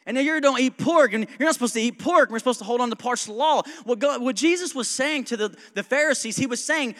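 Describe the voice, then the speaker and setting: A man with a high voice preaches in a church sanctuary. His words trail off into a long reverb. He keeps it conversational and jokey, quick with asides and chuckles. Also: a bit bright. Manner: conversational, joking, self-described smart aleck. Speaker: pastor. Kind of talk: sermon.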